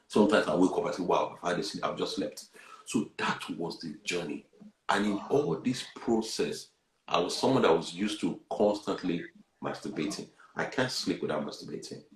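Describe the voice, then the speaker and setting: A man tells a personal testimony, earnest and animated, dropping to a hush and then rising loud. His voice sits a little low. The room around him gives back a noticeable echo. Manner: earnest, animated, swings between hushed and loud. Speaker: guest sharing a personal testimony. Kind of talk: candid testimony on a talk show.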